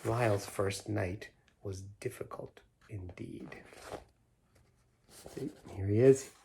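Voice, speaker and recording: A middle-aged man reading a children's picture book aloud, stopping to explain the pictures in gentle asides. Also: fairly low pitch, slow, gravelly, slight background noise. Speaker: storybook reader.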